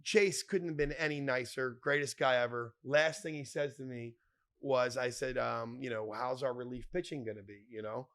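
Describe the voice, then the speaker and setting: A man telling wild stories as a podcast guest, animated and profane, acting out other people's lines. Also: mid-range voice, normal speed. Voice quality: animated, profane, acts out quoted voices. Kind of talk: casual storytelling.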